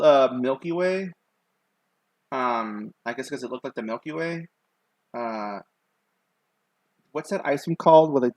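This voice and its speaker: A man's voice: medium pitch, no room sound. A young man streaming himself sketching, rambling in casual chat with his viewers and filling gaps with lots of ums and likes. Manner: rambling, many fillers, chatting to viewers. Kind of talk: casual chat while drawing.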